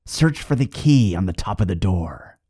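A man doing a hushed, eerie talking corpse. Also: deep voice, animated, moderate pace, husky. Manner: hushed, sighing, curt commands. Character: eerie talking male corpse, quiet and insistent.

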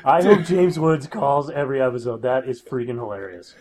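A man in his thirties co-hosting a podcast, rambling crude stories with halting restarts. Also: medium pitch, expressive, darkish tone. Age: 30s. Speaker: podcast co-host. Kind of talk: casual chat.

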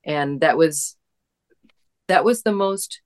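A married woman talks in a relaxed conversation. Her voice sits low and she speaks at a slow, careful pace. Her manner is earnest and gentle. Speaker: guest in a conversation. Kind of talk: casual reflective chat.

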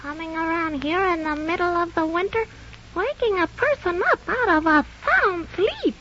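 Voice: very high voice, normal speed, pushed and bright. An actor playing a grouchy, boastful squirrel who taunts in sing-song rhymes, in 1930s radio drama style. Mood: taunting. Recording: muffled old radio recording, faint hiss.

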